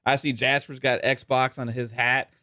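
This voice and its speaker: A man's voice: medium pitch, level tone, unhurried, bright, forceful tone, no room sound, clean studio sound. A man from Texas hosting a gaming podcast in a laid-back, casual way, with many fillers. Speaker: podcast host. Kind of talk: casual chat.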